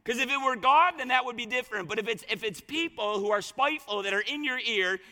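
High bright-voiced preacher man, reverberant hall. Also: fast talker. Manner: animated retelling of scripture with voiced quotes. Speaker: pastor. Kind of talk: sermon. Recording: long reverb of a large hall.

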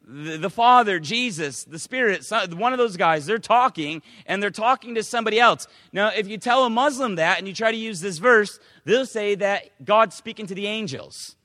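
A man preaching a sermon as pastor, emphatic, swinging from loud preaching to quiet asides. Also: high-pitched, normal speed, few pauses, dry recording, long reverb tail.

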